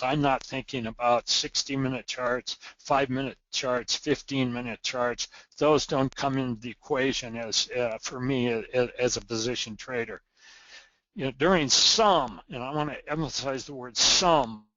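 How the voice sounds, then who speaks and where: A man explains trading charts in an earnest, emphatic teaching voice, leaning on the words he wants to stress and restarting a phrase now and then. His pitch sits at an ordinary middle level. The sound is close and dry but a little dull and lo-fi. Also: a bit bright, dry recording. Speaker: trading educator. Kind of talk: recorded market lesson.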